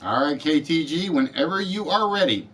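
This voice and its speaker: A man hosting a live-streamed word game show, calling out letters and players' answers in a deliberate, friendly patter. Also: on the high side, animated, a bit bright. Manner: deliberate, spells out letters and addresses players by name.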